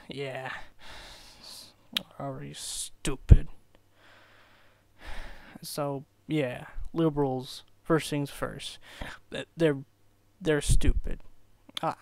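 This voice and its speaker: Slow stammering low-energy young man. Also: creaky, a little mellow, dry recording, low-quality recording. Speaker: amateur commentator. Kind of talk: casual rambling commentary. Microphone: old cheap microphone.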